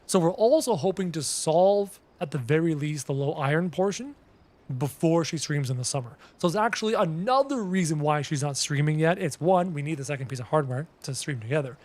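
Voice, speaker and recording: A man streaming a game and chatting casually with viewers, a projecting, energetic talker with faint game music behind. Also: fairly high pitch, brisk. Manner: projects his voice, loud and energetic. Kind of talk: casual live-stream chat.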